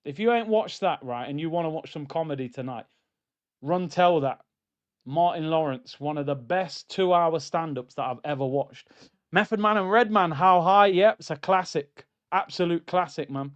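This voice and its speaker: A man's voice: fairly high pitch, moderate pace, dull audio. A man hosting a live football watchalong, joking around and reading out chat comments. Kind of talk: casual live-stream chat.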